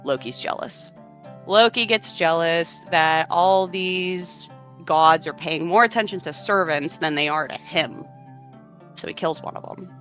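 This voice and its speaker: A woman chats through a myth with a lowish, bright, forceful voice. She tells it casually, filling it with fillers, while soft music sits in the background. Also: measured pace. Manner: chatty, retells myths with frequent fillers. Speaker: podcast co-host. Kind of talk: casual storytelling chat.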